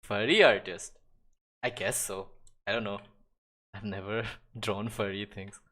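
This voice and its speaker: The young live-stream artist's voice is on the low side, steady, unhurried, and pushed and bright. He chats casually while drawing, rambling with lots of restarts and fillers and chuckling often.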